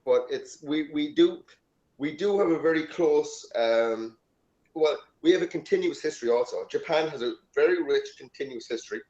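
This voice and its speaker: Male host, rambling and animated, casual chat, roomy and dull recording. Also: on the high side, normal speed. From Ireland. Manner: rambling, animated, swears freely.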